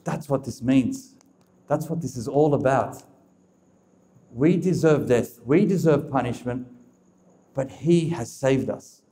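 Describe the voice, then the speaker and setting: Man, speaker of a religious talk, mellow voice, emphatic and direct with the crowd. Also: mid-range voice, takes it slowly, long pauses. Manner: emphatic, repetitive, addresses the audience directly. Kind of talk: preaching talk to a live audience.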